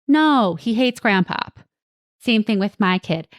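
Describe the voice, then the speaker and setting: A woman's voice: mid-range voice, lively intonation, slow, no echo. Woman coaching parents, dry close mic. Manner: coaching, reassuring, acts out quotes from kids and parents. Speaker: podcast host and parenting coach. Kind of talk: solo podcast talk.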